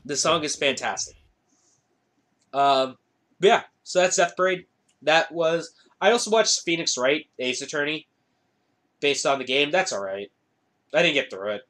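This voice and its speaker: Male podcast co-host, slightly high voice, very animated, blunt and profane. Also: unhurried, long pauses. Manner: blunt, swears freely, playfully opinionated. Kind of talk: casual chat.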